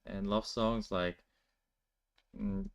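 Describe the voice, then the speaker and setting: A man's voice: lowish voice, sing-song, very slow, gravelly, lo-fi sound. A man teaching a language on a live stream, explaining in a loose, chatty way full of "like" and restarts and answering viewers' questions. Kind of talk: casual live-stream lesson.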